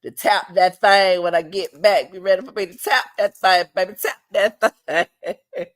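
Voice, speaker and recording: A woman's voice: medium pitch, steady tone, moderate pace, dry recording, clean studio sound, close to an everyday voice. A woman voicing an exasperated male family boss, scolding and incredulous. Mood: playful.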